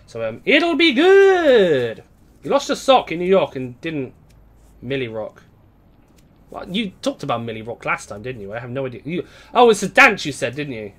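A man's voice: medium pitch, very animated, brisk, fairly bright tone. A young man casually commenting while he plays a game on a live stream, rambling and chatting to viewers. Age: young adult. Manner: rambling, chatty, reads out chat.

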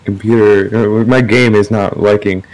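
A man's voice: on the low side, steady tone, moderate pace, darkish tone, low-quality recording. A man co-hosting a casual gaming session, laid-back, laughing and swearing in surprise. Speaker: co-host gamer. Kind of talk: casual gaming chat with a friend.

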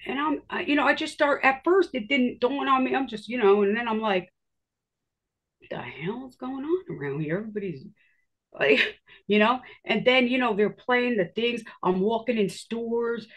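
A woman's voice: a little high, steady tone, moderate pace, fairly bright tone. A woman recounts her own story in an easy, conversational way. She acts out her reactions as she goes and swears without thinking about it. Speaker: interviewee telling her story. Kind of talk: casual storytelling.

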